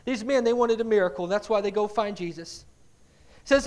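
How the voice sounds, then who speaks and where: A man preaching a sermon, telling stories in an animated way, dropping to quiet asides and rising to loud dramatic cries, often repeating words as he builds. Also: high voice, a little fast.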